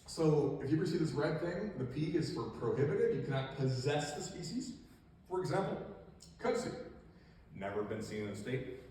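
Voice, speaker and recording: A man's voice: a little high, very animated, normal speed, warm tone. A man giving a casual, joking educational talk about invasive species, full of fillers and asides, to a live audience. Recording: echoey hall, distant mic, faint room noise.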